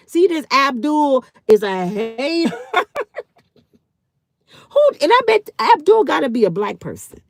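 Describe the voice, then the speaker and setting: A woman's voice: sits high, sing-song, unhurried, vocal fry, long pauses, no echo. A woman in her fifties hosting a live stream, answering her chat in a heated, blunt way and swearing freely. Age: 50s. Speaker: channel host.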